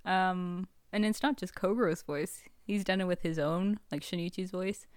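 A woman's voice: lowish voice, moderate pace, no room sound. A woman co-hosting a casual podcast, reacting and commenting in a chatty way, often laughing and hedging with "like.". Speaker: podcast co-host. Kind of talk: casual chat.

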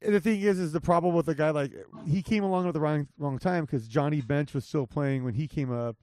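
A man's voice: fairly high pitch, brisk, mellow, no echo, clean studio sound. A man hosting a casual podcast, joking and swearing loosely as he banters with a friend. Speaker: podcast host.

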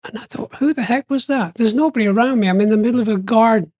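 An older man telling stories in an interview, animated and lively, often acting out what people said and laughing along. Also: sits high, fast talker, no room sound. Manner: animated, acts out quoted voices, laughs often. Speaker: interview guest. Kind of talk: storytelling interview.

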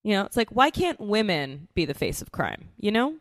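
A woman's voice: medium pitch, very animated, moderate pace, no echo, clean studio sound. A young adult woman from New York City co-hosting a podcast, chatting casually and joking with frequent restarts. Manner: chatty, jokey, prone to restarts. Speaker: podcast co-host. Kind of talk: casual chat.

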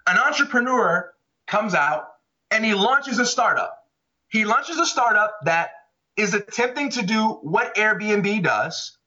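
A man's voice: sits high, pushed and bright. A man co-hosting a podcast, arguing his views in passionate, emphatic casual talk. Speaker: podcast co-host. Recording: dull lo-fi audio.

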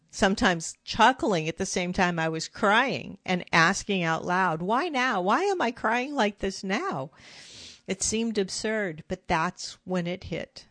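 A middle-aged woman hosting her own podcast, talking in a reflective, gentle and candid way from her home office. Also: lowish voice, no room sound. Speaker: podcast host. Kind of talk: personal podcast monologue.

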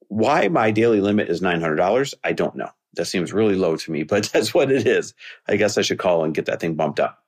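A man hosting a podcast, telling a personal story in an earnest monologue that rises to an impassioned pitch when he makes his point. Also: husky. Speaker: podcast host.

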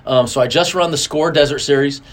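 A middle-aged racing driver, a guest in a casual interview, tells stories animatedly, acting out quotes with big jumps in his voice. His pitch is on the high side and his pace brisk.

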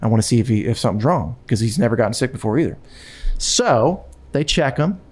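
A man recounts a personal story in relaxed conversation. His delivery is animated, full of stumbles, restarts and repeated phrases as he pushes the story forward. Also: mid-range voice, quick pace, slightly rough. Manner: animated, with frequent restarts and repetitions.

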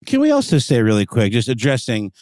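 A man co-hosting a podcast, chatting casually with frequent fillers and pauses. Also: medium pitch, no echo, studio quality. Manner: relaxed, hesitant with fillers. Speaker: podcast co-host. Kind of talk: casual chat.

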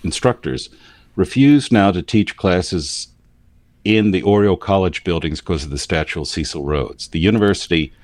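Man, standard American accent, deep, measured, explanatory, dry recording. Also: darkish tone, dry recording. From United States. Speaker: commentator. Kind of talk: casual discussion.

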